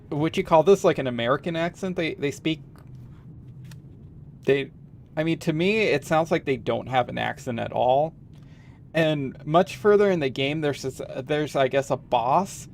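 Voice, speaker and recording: Slow, gravelly man musing over gameplay. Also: a little high, faint music behind. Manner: musing, rambling, chuckling. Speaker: streamer. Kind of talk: casual gameplay commentary.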